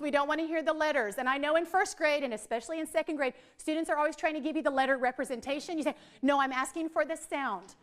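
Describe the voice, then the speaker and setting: A middle-aged woman, leading a lively, chatty teacher training workshop for a group in a training room. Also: high voice. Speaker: literacy trainer.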